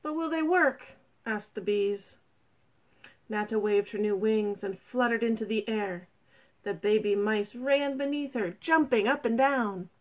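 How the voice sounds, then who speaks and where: A woman reading a children's story aloud in a gentle, unhurried narration. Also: medium pitch, fairly even intonation. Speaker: storybook reader. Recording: dull lo-fi recording.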